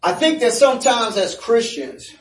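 Guy preaching in a big echoey church, high-ish voice, heard from a ways off, acts out the story. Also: moderate pace. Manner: animated storytelling with playful asides. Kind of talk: sermon. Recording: echoey room, voice from a distance.

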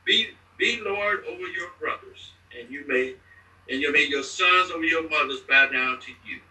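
Man, somewhat high, very bright tone, reading scripture with a few restarts; distant mic, echoey room. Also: normal speed. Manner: plain reading with restarts and slips. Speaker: scripture reader.

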